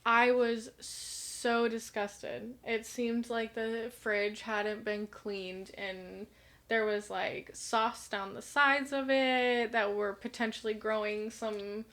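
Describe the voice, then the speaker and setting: A woman's voice: on the high side, steady tone, slow pace, a bit bright. A young woman co-hosting a casual sibling podcast, chatting and telling workplace stories with acted-out quotes. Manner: chatty storyteller, acts out quotes. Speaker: podcast co-host. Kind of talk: casual chat.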